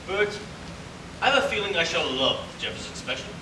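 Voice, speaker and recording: A man plays a scheming older celebrity critic, sardonic and theatrical. He speaks high for a man, with lively, swooping inflection. He is heard from far off in an echoey hall, with noise behind him. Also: a little fast. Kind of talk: community stage play.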